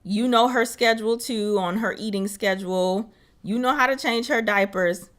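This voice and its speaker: A young woman co-hosting a casual podcast, talking in a lively way and jumping high in pitch when she mocks what other people say. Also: moderate pace. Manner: animated, swoops high when mocking others. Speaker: podcast co-host.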